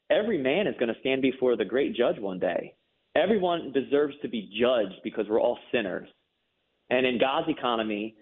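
A man telling his personal story as an interview guest, earnest and emphatic, repeating words when moved. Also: medium pitch. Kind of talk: personal testimony in a faith interview. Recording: phone-line audio.

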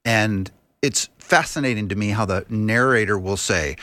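Casting: man, low voice, earnest, preachy studio guest, dry mic. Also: moderate pace, few pauses, sharp tone, dry recording. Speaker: radio guest. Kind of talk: talk radio conversation. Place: radio studio.

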